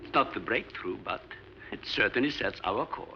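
A man's voice: fairly low pitch, lively intonation, moderate pace, slight background noise. An actor playing an older research scientist and father, speaking in an earnest, lecturing way in a 1950s film. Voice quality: lecturing, emphatic delivery. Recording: muffled old film soundtrack with music.

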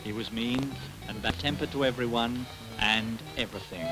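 A man narrating a storybook tale in an expressive, wry storyteller's manner, with background music behind him. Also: medium pitch, moderate pace, low-quality recording.

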